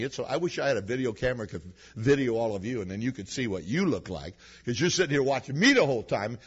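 A man's voice: medium pitch, breathy edge. A male preacher giving a sermon to a congregation, telling personal stories in a folksy, humorous way. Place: church before a congregation. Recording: dull lo-fi recording.

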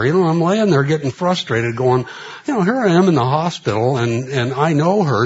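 A man's voice: mid-range voice, husky. Guy preaching, rambly storytelling, lots of you know, kinda muffled radio sound. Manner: rambling, filler-heavy anecdotes with quoted dialogue. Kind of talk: storytelling sermon.

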